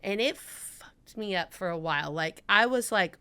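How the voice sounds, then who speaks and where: A woman's voice: medium pitch, lively intonation, normal speed, few pauses, sharp tone, smooth. A woman from Mississippi, a podcast guest chatting casually and acting out her own quotes as she tells stories. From Mississippi, USA.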